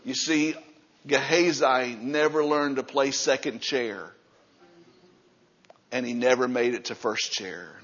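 A man preaching a sermon as pastor, moving from low, quiet passages up to loud, shouting stretches. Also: slow pace, pauses often, highs cut off.

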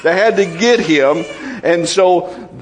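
A man's voice: sits high, slow. A man preaching a sermon in a conversational way, asking the congregation questions and acting out voices from the Bible.

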